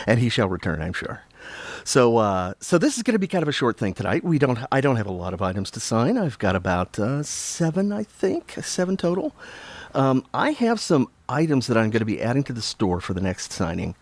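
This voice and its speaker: A man's voice: medium pitch, big pitch swings, normal speed, dry recording. A slightly out-of-breath man hosting a casual livestream, chatting with viewers, greeting them by name and chuckling often. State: a little out of breath. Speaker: livestream autograph-signing host.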